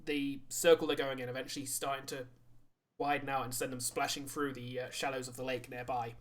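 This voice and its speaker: Male DM, haltingly narrates the scene, mid-range voice. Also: mid-range voice, level tone, a bit bright. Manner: halting narration, many ums and restarts. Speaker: dungeon master. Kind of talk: narrating a tabletop game.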